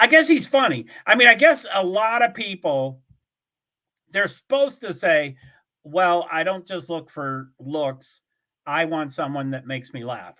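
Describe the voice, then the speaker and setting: An older man hosts his own livestream from a home streaming setup, chatting to viewers in a rambling, casual way full of fillers and frequent chuckles. His voice is high-pitched and bright, with a forceful tone.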